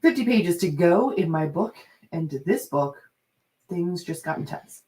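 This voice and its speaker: A woman hosting a writing livestream, chatting casually as she reads out viewers' progress updates. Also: measured pace. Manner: animated, acts out quoted people with big pitch jumps.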